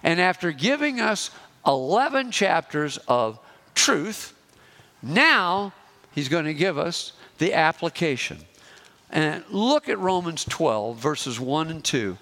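A man preaching a sermon as pastor, slowing down and pressing hard on key phrases. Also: a little high, big pitch swings, sharp tone. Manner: emphatic, slows and rises on key phrases.

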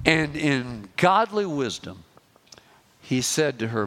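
Emphatic preaching man, bright and lively. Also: mid-range voice. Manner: emphatic, slows and rises on key phrases. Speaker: pastor. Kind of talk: sermon.

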